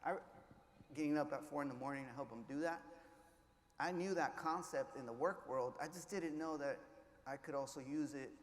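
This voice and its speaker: A man giving an inspirational keynote, telling his story with hushed lows and loud surges, mixing in Spanish words. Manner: passionate, swings between hushed and loud, drops Spanish words. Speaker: keynote speaker. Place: large conference hall. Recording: echoey hall, faint ambience.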